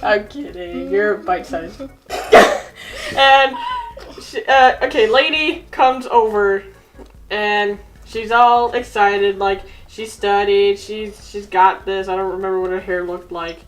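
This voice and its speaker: A woman's voice: mid-range voice, takes it slowly, low-quality recording. A woman casually telling a story while drawing, giggling and teasing her friend. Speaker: co-host telling a drawn story.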